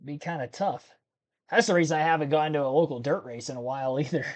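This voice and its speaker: A man from Ohio chats casually through a livestream. He rambles, second-guesses dates and corrects himself out loud. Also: fairly high pitch, fast. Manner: rambling, laughs while talking, self-correcting. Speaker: livestream host. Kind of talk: casual live commentary chat.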